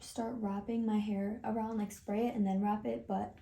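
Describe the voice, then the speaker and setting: Chatty young woman vlogging, mellow voice. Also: mid-range voice, little pitch movement, moderate pace, vocal fry. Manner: chatty, gushing, many "like" fillers. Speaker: book vlogger. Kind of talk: casual reading vlog chat. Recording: faint music underneath.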